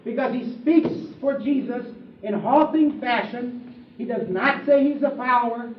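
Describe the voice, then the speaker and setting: Man, preacher, sermon, high voice, emphatic rhetorical questions, dull old recording. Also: a little slow, slight background noise. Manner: emphatic, rhetorical questions, swings between loud and hushed. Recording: distant, roomy, dull lo-fi recording.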